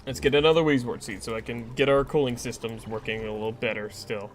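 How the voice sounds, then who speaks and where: A man's voice: mid-range voice, steady tone, fast, faint music behind. A man streaming a game, talking to himself, swearing often and getting frustrated. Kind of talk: casual gameplay commentary.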